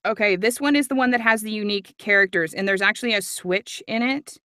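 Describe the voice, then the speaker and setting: A woman's voice: medium pitch, fast, sharp tone, no echo, clean studio sound. A woman audiobook narrator in casual livestream chat, chatty and giggly. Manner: chatty and giggly, nerdy about accents.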